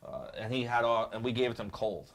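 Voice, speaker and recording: A chatty man from New York, talking as a guest chef in a loose, casual conversation. He tells his stories with energy and often doubles up on his words. His voice sits at a medium pitch. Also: quick pace. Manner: animated, chatty storyteller, repeats words. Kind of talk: casual chat, telling stories.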